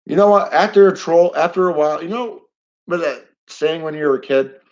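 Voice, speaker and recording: A man's voice: on the high side, expressive, brisk, dull audio. Blunt, heated middle-aged man livestreaming. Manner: blunt, rambling and heated, with some swearing. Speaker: live stream host. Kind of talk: casual live-stream monologue.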